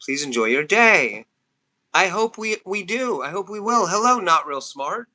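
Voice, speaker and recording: Bright-voiced man in his fifties. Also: high-pitched, sing-song, unhurried. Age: 50s. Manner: laughs often, talks back to chat comments. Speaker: live streamer. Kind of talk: rambling casual live stream chat. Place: home, near a trailer.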